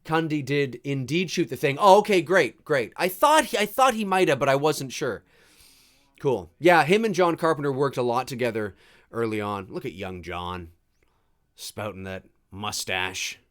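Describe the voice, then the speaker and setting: A man's voice: medium pitch, animated, normal speed, fairly bright tone. A man hosting a live movie commentary stream, chatting casually and reading viewer comments aloud. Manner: casual, chatty, restarts and fillers, reads chat aloud.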